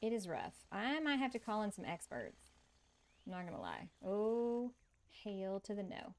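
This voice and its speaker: A woman streams a cozy game, chatting casually with viewers, reading and answering chat, and laughing often. Her medium-pitched voice is sing-song, unhurried, gravelly, and a little mellow.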